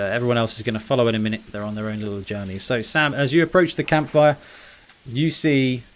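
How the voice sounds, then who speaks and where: Casual male game master narrating. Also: medium pitch. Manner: brisk, casual narration with fillers.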